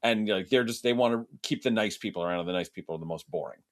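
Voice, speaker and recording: Low-voiced man critic asking questions. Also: quick pace. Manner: inquisitive, asks follow-up questions with stumbling restarts. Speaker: TV critic and podcast co-host. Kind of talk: casual conversational podcast chat.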